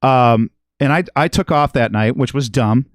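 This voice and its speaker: A man's voice: medium pitch, moderate pace, no echo, clean studio sound. A middle-aged man telling a long story on a podcast, rambling and swearing constantly. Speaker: guest musician and regular.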